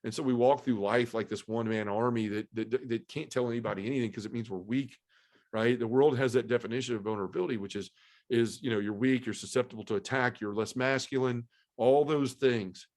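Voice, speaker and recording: A man's voice: medium pitch, steady tone, fairly quick, darkish tone. A middle-aged man giving an earnest, heartfelt personal testimony as a podcast guest, restarting his sentences as he goes.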